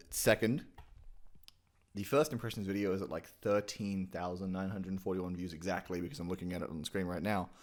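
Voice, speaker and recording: A man hosting a casual video tutorial on doing impressions, rambling and joking, with casual swearing. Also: deep voice. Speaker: YouTube host teaching impressions.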